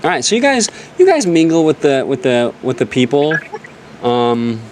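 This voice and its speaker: A young man narrates a tabletop game as game master, his pitch swinging widely as he tells the scene. His delivery is joking and dramatic. A faint ambient hum sits behind him. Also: sing-song, moderate pace, a little mellow.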